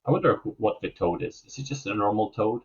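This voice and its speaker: A man's voice: fairly low pitch, expressive, fast talker, husky. A man co-hosting a podcast in a casual book discussion, easygoing and hesitant. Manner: easygoing, hesitant, many fillers. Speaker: podcast co-host. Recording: dull lo-fi sound.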